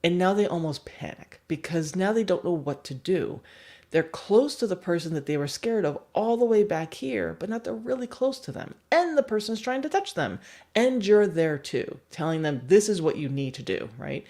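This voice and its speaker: A young adult woman and dog trainer giving a livestream lesson, animated and acting out examples. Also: fairly low pitch, moderate pace. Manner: animated, acts out examples with voices.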